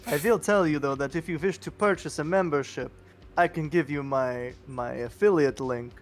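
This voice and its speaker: A man's voice: mid-range voice, fast, lightly acted. A man voicing a starstruck male vampire guard who fawns and stammers with a put-on Transylvanian accent. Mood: fawning. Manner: eager, fawning, stammering.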